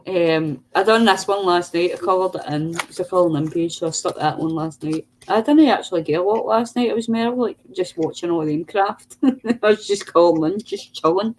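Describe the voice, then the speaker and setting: A woman's voice: on the low side, fairly quick, few pauses, a little mellow, a little hiss or hum. Chatty woman laughing on a craft stream. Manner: chatty, laughs a lot, teasing. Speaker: craft livestream host. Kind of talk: casual chat on a craft stream.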